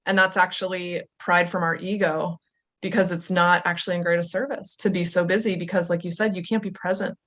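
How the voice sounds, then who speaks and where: A woman coach answering as an interview guest in a reflective, measured way. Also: on the low side, little pitch movement, a bit bright.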